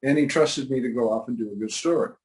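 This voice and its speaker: An older man, a comic creator guest, telling stories in a dry, matter-of-fact way with hesitant pauses. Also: medium pitch, a little mellow, low-quality recording. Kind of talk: relaxed interview talk.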